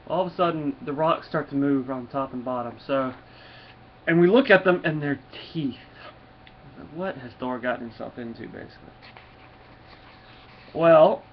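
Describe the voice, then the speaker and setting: A man casually reviews a comic book, rambling with lots of fillers. His voice sits at an ordinary pitch. The sound is dull and lo-fi, with a faint hiss under it.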